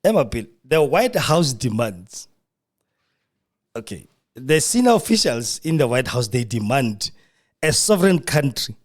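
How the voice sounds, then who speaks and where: A South African man hosts a live radio podcast from a studio, his mid-range voice a little slow. He comments in a mocking, animated way and acts out the voices of those he quotes.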